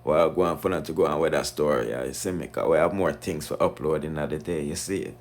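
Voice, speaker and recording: A Jamaican host with a very deep voice signs off his gossip channel. He is loose and chatty as he plugs other channels. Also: fast talker. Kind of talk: casual channel sign-off.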